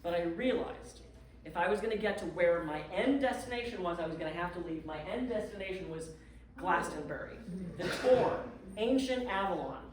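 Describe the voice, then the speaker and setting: Animated woman storyteller in an echoey room. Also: lowish voice, normal speed, a little hiss or hum. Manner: animated, self-mocking, dramatic storytelling. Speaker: guest speaker. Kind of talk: storytelling talk to a live audience. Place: community clubhouse event room. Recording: echoey room, far from the mic.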